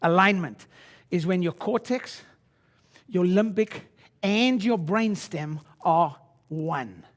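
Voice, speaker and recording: In his sixties, this chiropractor speaks slowly in a high-pitched voice during a live seminar. He is swaggering and blunt, salting his talk with coarse language and suddenly shouting loudly.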